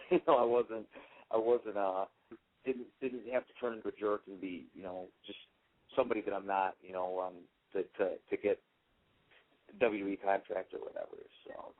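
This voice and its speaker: A man's voice: fairly low pitch, normal speed. A young man, a wrestler, rambling and laughing through a casual phone interview. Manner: rambling, laughing often, many fillers. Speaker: wrestler guest. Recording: tinny phone line.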